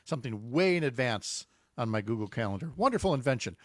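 A man's voice: medium pitch, very animated, fast, dry recording, clean studio sound. An older man, co-hosting a radio show in a jokey, playful way. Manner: jokey, playful, acts out little voices. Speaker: radio co-host. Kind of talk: casual radio chat. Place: radio studio.

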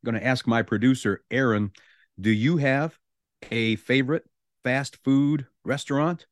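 A man's voice: mid-range voice, a little slow, no room sound. A male radio show host, chatting casually on a studio mic and reading out the news with amused asides. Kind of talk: morning radio talk.

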